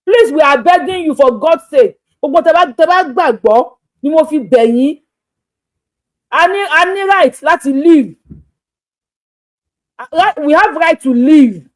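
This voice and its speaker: A Nigerian woman making an impassioned plea to camera, begging repeatedly and shifting between rapid talk and slow, drawn-out appeals. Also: sits high, animated. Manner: pleading, begging, repetitive. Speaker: social media creator.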